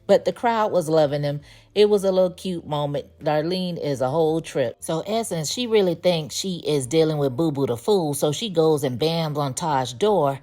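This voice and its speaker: A woman with a notably low voice walks through a TV episode in a relaxed, conversational recap. She tells the story in a chatty way and drops in sassy little asides as she goes. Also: normal speed. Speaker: TV show recap reviewer. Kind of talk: casual spoken episode recap.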